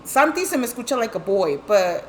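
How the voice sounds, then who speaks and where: A middle-aged woman with a slightly higher voice tells a family ghost story casually. She slips between English and Spanish, swears freely and acts out what each person said, with a faint hum of room noise behind her. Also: brisk. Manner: animated storytelling, mixing English and Spanish, acting out quotes; heavy swearing, lots of fillers. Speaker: guest telling her life story.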